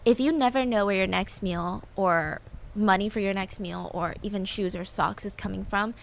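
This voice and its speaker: A woman's voice: medium pitch, normal speed, creaky. A woman narrating a true story in a casual, chatty way, with filler words and personal asides.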